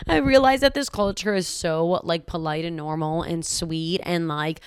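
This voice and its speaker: A woman from the United States chatting in a casual travel vlog, loud and outspoken, with a lot of "like". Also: lowish voice, moderate pace, few pauses, clear, resonant tone, dry recording, clean studio sound. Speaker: vlogger.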